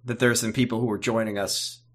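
A man's voice: fairly low pitch, flat delivery, fast talker, breathy edge. A man co-hosting a casual podcast, rambling playfully and tripping over his own sentences. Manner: rambling, self-interrupting, playful. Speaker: podcast co-host.

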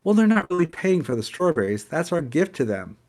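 A man's voice: on the high side, big pitch swings, fairly quick, darkish tone, voice pushed up. A man voicing a condescending male restaurant manager in a read-aloud story. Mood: patronizing. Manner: smug, patronizing.

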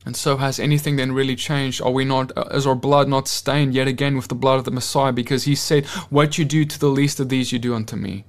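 A man's voice: mid-range voice, steady tone, fairly quick, few pauses. A man giving a fervent sermon at an online conference, pressing his listeners with repeated rhetorical questions and closing in prayer. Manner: ends in spoken prayer. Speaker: conference speaker.

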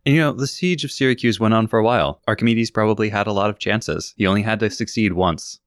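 A man co-hosting a podcast delivers a prepared segment, mixing scripted-sounding narration with wry, self-deprecating asides. His voice sits low. The close, dry recording has no room echo. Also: fast talker. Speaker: podcast co-host. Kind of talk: casual chat and prepared segment.

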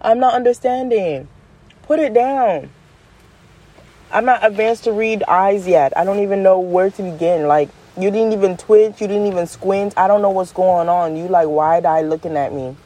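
A woman hosting her own show, talking in a casual, animated monologue full of slang, jumping up in pitch for emphasis and laughing as she goes. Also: normal speed, hardly any pauses. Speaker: podcast host.

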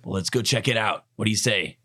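A man's voice: on the low side, quick pace, bright, forceful tone. A man playing a tabletop game in character, jittery and swearing with nervous bravado. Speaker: player.

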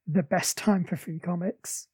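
A man's voice: sits high, fairly even intonation, darkish tone, husky, no room sound. A man hosting a comic-book podcast, chatting casually with a playful, jokey manner. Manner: playful, jokey, quick asides. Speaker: podcast host.

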